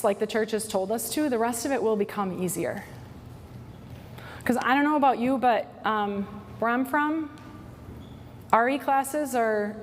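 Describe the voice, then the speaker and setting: A woman in her forties giving a workshop talk to church staff, telling stories in an animated way and often adding "right?". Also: on the high side. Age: 40s. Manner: animated storytelling, tag questions like "right?". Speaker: workshop speaker. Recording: hall reverb, faint noise.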